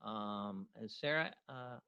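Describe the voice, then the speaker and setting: Slow, halting man hosting an open mic. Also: lowish voice, sharp tone, clean tone, no room sound, dull audio. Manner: halting, unhurried, many pauses and restarts. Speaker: open mic host and musician. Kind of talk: casual hosting over a video call. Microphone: computer mic on a video call.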